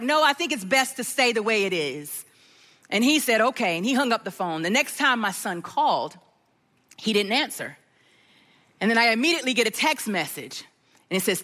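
A middle-aged woman delivers a sermon through a personal story, giving each person in it their own voice. Her tone is high and bright. The sound carries a long reverb from a large hall. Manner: animated storytelling, acting out voices. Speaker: preacher.

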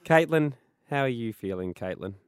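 A man's voice: medium pitch, animated, moderate pace, clean tone, no room sound. Easygoing Australian man, dry close sound. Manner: easygoing, laughs along often. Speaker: radio co-host. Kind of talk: casual radio banter.

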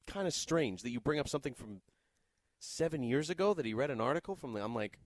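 A man's voice: medium pitch, fast talker, dry recording. A man co-hosting a sports radio show, chatting casually with lots of restarts. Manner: animated, rambling with many restarts. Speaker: co-host.

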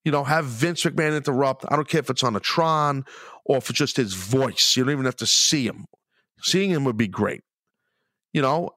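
A man's voice: mid-range voice, fairly bright tone, dry recording, studio quality. A middle-aged man hosting his own podcast, ranting angrily and rambling with plenty of swearing. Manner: angry, profane, rambling. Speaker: podcast host.

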